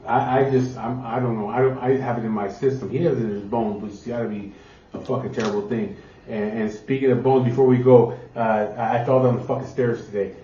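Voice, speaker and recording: A man's voice: mid-range voice, steady tone, fairly quick, dark tone, slight background noise. A man hosting a casual sit-down chat. He talks in a laid-back way and swears constantly. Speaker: host of a biker channel. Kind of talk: casual chat, telling a story. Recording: roomy, distant, dull sound.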